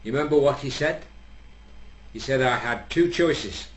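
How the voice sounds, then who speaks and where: A man's voice: mid-range voice, moderate pace, close to an everyday voice. A man voicing a tearful middle-aged husband who moans and pleads. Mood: plaintive. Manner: moaning, plaintive. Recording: echoey room.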